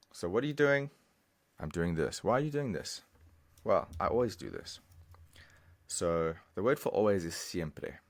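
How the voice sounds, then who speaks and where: This man teaches a language through a screen recording, going step by step and repeating phrases slowly with patience. His voice is deep and a little bright.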